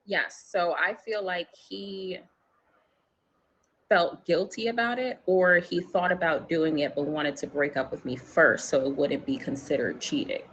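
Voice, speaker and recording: A woman's voice: fairly low pitch, measured pace, fairly bright tone, muffled recording. A woman from New York, guest in an interview, telling a personal story candidly, swearing freely and acting out quotes in a raised voice.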